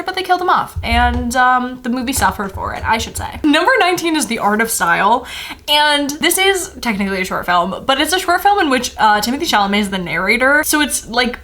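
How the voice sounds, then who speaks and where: A woman's voice: medium pitch, fairly bright tone. A woman chatting casually as she reviews films, full of "like" fillers and frequent laughs. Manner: chatty, many "like" fillers, laughs between phrases. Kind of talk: casual film review chat.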